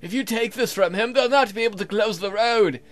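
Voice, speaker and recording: Man doing a high, hoarse Unseelie spirit. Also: lightly acted. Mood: bargaining. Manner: slow, theatrical proclamations. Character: hoarse, slow-speaking male Unseelie spirit in a cloak.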